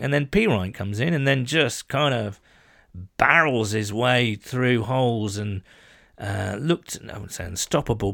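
A man's voice: mid-range voice, gravelly, a bit bright, no room sound. A man co-hosting a sports podcast, talking through the game with a chatty enthusiasm and the odd self-deprecating aside. His mid-range voice sits close and dry, with no room sound around it. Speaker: podcast co-host. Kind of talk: casual sports chat.

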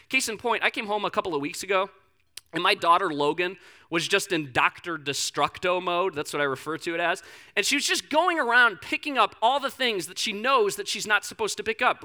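A man in his thirties preaching a sermon with a bright, forward voice. He talks like he is chatting with friends, telling stories about his own mistakes, then drops to a hushed, earnest tone. His rhythm is loose, with quick restarts and repeated words. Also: high voice. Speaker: pastor.

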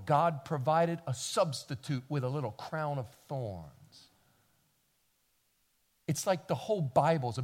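High-voiced pastor preaching animatedly. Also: male voice. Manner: animated, stammering restarts, swinging from quiet to loud. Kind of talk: sermon. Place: church.

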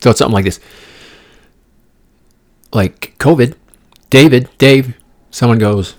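A man's voice: medium pitch, measured pace, pauses often. A man hosting his own podcast, riffing in a profane, digressive comic monologue with playful asides and the odd whispered joke. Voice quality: gravelly. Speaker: podcast host. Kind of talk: rambling comedic monologue. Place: condominium room.

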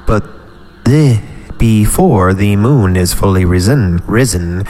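A man's voice: lowish voice, takes it slowly, a little mellow. A male podcast host reading a horror story aloud, breaking off into rambling, irreverent comic asides.

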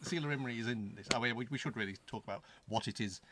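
A man's voice: medium pitch, fast, background noise. A man co-hosting a casual podcast chat, giggly and self-mocking, often tripping over his words. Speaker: podcast co-host.

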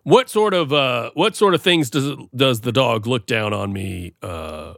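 A man's voice: mid-range voice, lively intonation, a little slow, vocal fry, a bit bright, dry recording, clean studio sound. A man co-hosting a comedy podcast, talking in a rambling, playful, self-deprecating way. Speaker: podcast co-host. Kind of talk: casual comedic chat.

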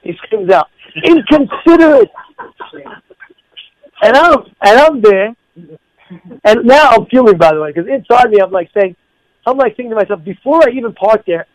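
High-voiced New man telling stories. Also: brisk, dry recording, poor audio. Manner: animated, repeats phrases and restarts sentences. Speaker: speaker giving a moral talk. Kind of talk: storytelling sermon.

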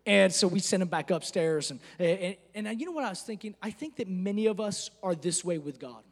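A man's voice: sits high, expressive, brisk, long reverb tail. A man preaching a sermon as pastor, talking conversationally and telling stories, rising at times to emphatic declarations.

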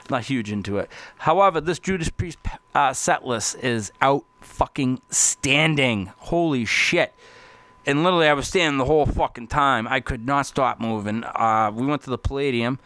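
A man talking casually as a podcast host, rambling and swearing constantly, getting excitable. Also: mid-range voice, normal speed, dry recording. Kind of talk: casual profane monologue.

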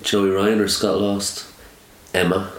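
A man's voice: lowish voice, level tone, slow. A man co-hosting a casual podcast, recapping matches in a dry manner. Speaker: podcast co-host. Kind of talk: casual chat. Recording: echoey room.

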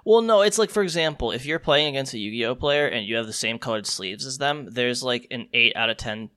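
A man's voice: mid-range voice, animated, fairly quick, bright, forceful tone. A man co-hosting a podcast in casual banter, blunt and swearing often, on a call. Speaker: podcast co-host, card store worker. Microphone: phone or remote call.

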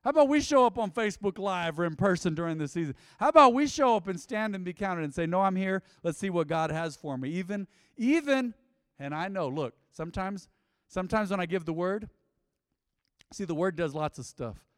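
A man's voice: high-pitched, animated, fairly quick, fairly bright tone, clear, resonant tone, dry recording, clean studio sound, in a large hall. A man in his fifties preaching a sermon in a church, conversational, calling on the congregation to repeat phrases back to him. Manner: call-and-response, conversational, asks congregation to repeat. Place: church sanctuary.

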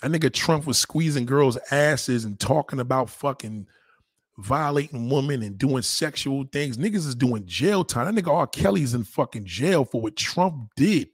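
Profane, animated New man ranting. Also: slightly rough, dry recording, clean studio sound. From New York. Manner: profane, animated, swinging pitch. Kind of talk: casual rant.

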